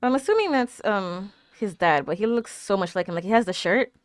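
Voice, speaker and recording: Reaction host, young woman, animated and talkative, answers the screen, dry close sound. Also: medium pitch, a little fast, no room sound. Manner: chatty, exclaims and laughs, talks back at the screen. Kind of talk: casual reaction commentary.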